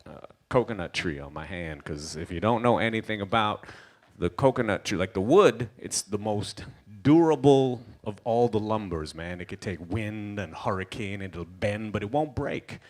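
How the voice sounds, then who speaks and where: On stage at an indoor gala, a man from Trinidad delivers stand-up in his Trinidadian accent. His voice is on the low side at a moderate pace, and he brings his stories alive by acting out the characters.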